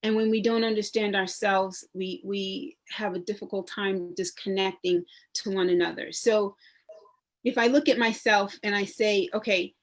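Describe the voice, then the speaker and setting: A woman, a public historian and genealogist speaking on a community panel, talking conversationally with frequent restarts and lively storytelling. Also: medium pitch, normal speed. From New York. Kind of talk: panel discussion.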